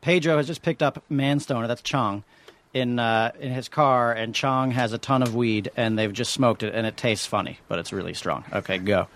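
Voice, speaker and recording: A man's voice: mid-range voice, steady tone, normal speed, fairly bright tone. A man co-hosting a podcast, teasing and jokey in casual chat. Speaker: podcast co-host.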